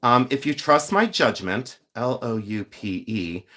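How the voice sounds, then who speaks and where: A man's voice: mid-range voice, lively intonation, unhurried, pushed and bright. A man hosting a casual livestream, chatting with viewers, greeting them by name and laughing often as he talks. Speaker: livestream host sorting jewelry.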